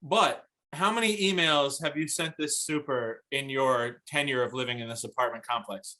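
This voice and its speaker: A man co-hosting a comedy podcast, teasing his friend with quick jokes in casual banter. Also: mid-range voice, sharp tone. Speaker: podcast co-host.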